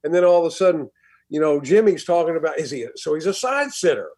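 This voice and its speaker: A man's voice: on the high side, animated, fast, darkish tone. Man telling set stories. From Texas. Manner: storytelling, stumbling restarts, drops to a murmur. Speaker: actor guest. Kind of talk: casual interview chat.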